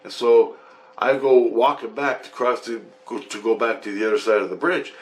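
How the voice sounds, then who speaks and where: A man casually recounting a vivid dream in a rambling, excitable way, swearing as he goes. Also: mid-range voice, moderate pace. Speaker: vlogger.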